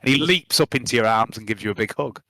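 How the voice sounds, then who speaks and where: A man runs a tabletop game in a relaxed, halting style, with many fillers. His voice sits at a middle pitch. The sound is dry and close to the mic. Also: no room sound. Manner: casual, filler-heavy narration. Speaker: game master.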